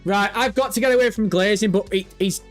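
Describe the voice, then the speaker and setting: Excitable sweary British streamer. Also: male voice, high-pitched, fairly quick, faint music behind. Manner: excitable, sweary, banters with chat. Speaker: livestream host. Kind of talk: casual livestream chat.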